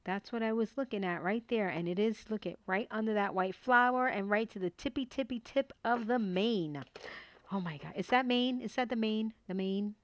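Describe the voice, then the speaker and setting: This casual crafting tutorial comes from a middle-aged woman at her home desk, who chats excitedly about papercraft and talks herself through each stage of the work. Her voice is mid-range at a normal speed, and the recording is dry.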